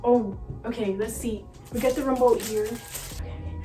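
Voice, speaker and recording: A woman vlogging casually from her room, excitable and gushing as she talks to her viewers. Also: fairly high pitch, unhurried, over music. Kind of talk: casual vlog chat.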